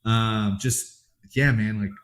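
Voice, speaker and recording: A man hosts a podcast in a casual, chatty way. His voice sits on the low side, and he wanders through his anecdotes with loose, rambling phrasing. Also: fairly even intonation, measured pace, a bit bright. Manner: rambling anecdotes, lots of fillers and restarts. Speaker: podcast host. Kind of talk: casual chat.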